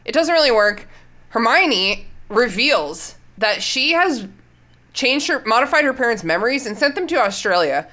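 A woman's voice: fairly high pitch, expressive, normal speed, bright, forceful tone. A woman co-hosting a casual book podcast, swearing freely and laughing a lot. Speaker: podcast co-host.

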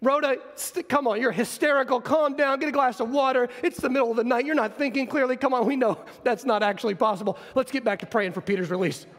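A man's voice: very high voice, quick pace, few pauses, fairly bright tone, in a large hall. A preacher voicing skeptical churchgoers who scold and dismiss a servant girl. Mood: dismissive.

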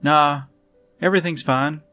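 A man's voice: a little high, fairly even intonation, measured pace, sharp tone, soft background music, voice pushed up. A man doing a frustrated young stallion. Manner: tense, hiding frustration.

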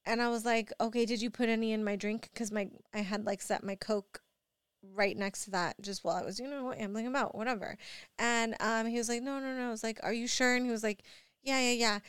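A young woman and mother telling a rambling, animated story full of fillers, sounding drowsy. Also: on the high side, brisk, clean tone, no room sound, clean studio sound. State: drowsy from allergy medicine. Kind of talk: casual storytelling vlog.

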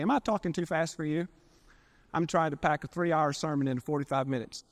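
Man preaching, fairly high voice, stretches words out and gets loud, throws in folksy asides. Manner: emphatic preaching with drawn-out words and sudden loud swells. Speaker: pastor. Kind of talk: sermon. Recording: archival 1992 sermon recording.

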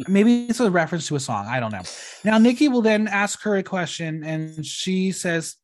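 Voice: medium pitch, animated, moderate pace. A podcast host recapping a reality show in a casual, chatty way, with wry asides.

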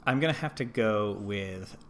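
A man's voice: on the low side, expressive, moderate pace, a bit bright, a little hiss or hum. A man co-hosting a podcast in casual chat, with a jokey, playful way of talking. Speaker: podcast co-host.

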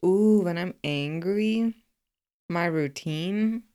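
Lower-pitched woman, laughing casual chat. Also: extremely slow. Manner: expressive and laughing, talks things through aloud. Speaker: podcast co-host.

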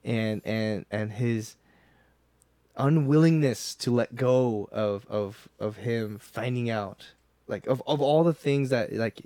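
A man's voice: medium pitch, dark tone, dry recording. A man co-hosting a film podcast in casual chat, rambling enthusiastically and tripping over his words. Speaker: podcast co-host.

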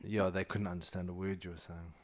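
A man co-hosting a podcast in casual chat, answering with wry, deadpan banter. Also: sits low, fast. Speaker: podcast co-host.

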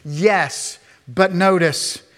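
A man with a somewhat high voice preaches a sermon. He moves between quiet, earnest passages and raised, emphatic declarations, teaching his congregation as he goes. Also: very slow. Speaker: pastor.

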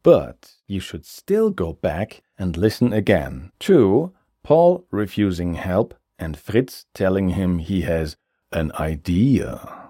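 A man teaching a grammar lesson, explaining slowly and clearly with examples. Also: low voice, sing-song, dark tone, no echo, clean studio sound. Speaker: language teacher.

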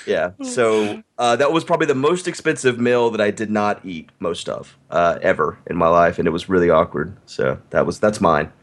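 A man hosting a podcast in relaxed casual chat, laughing along and trailing off. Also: deep voice, moderate pace, few pauses. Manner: laid-back, chuckles, trails off. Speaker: podcast host.

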